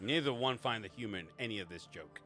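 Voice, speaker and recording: A man's voice: lowish voice, lively intonation, quick pace, bright, forceful tone, faint music behind. A man running a tabletop game as game master, casual and swearing, with frequent restarts.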